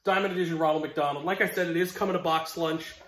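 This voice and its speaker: A man's voice: a little high, fairly even intonation, quick pace, a bit bright, reverberant. A young man from the United States chatting casually as he unboxes collectibles, rambling and self-deprecating with frequent restarts. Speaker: collectibles vlogger.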